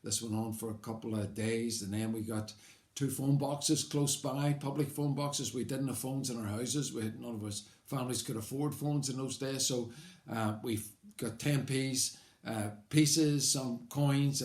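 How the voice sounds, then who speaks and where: An older man with a Belfast accent recalls his life in a loose, wry, chatty way. His voice sits at an ordinary pitch. The room around him rings with a noticeable echo. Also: fairly even intonation, normal speed, a little mellow. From Belfast, Northern Ireland. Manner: conversational and wry, rambling with fillers. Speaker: storyteller. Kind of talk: personal life story told aloud. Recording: roomy echo.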